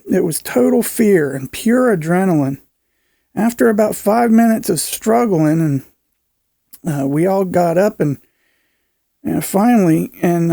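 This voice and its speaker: A man narrating a viewer's frightening encounter account in an earnest, halting way, with fillers and restarts. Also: high-pitched, creaky, dark tone, no room sound, clean studio sound. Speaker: narrator reading a viewer's email.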